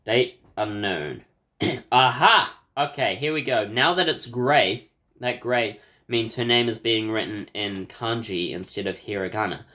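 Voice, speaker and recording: A man playing through a horror game, giving casual, wry commentary and clearing his throat now and then. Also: on the low side, measured pace, pushed and bright. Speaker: game player. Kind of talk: let's play commentary.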